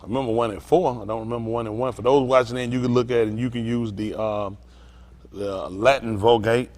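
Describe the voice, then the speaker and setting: A man's voice: medium pitch, fairly even intonation, a little fast, a little mellow. A man preaching an informal sermon, telling a story and acting out both sides of it with lots of laughter. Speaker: pastor.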